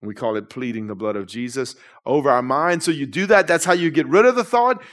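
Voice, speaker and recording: A middle-aged man preaching in a church, animated and conversational with casual slang. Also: medium pitch, a little fast. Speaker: pastor. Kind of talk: sermon. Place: church sanctuary.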